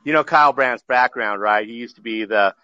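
A man's voice: medium pitch, fairly quick, bright, forceful tone, no echo. A man in casual sports podcast chat, explaining in a laid-back way. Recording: dry, dull lo-fi audio.

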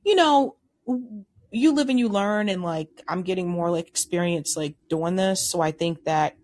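A woman hosting a podcast, talking in a loose, rambling way full of restarts and fillers. Her voice sits a little low for a woman. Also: normal speed, a little mellow. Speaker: podcast co-host. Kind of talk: casual chat.

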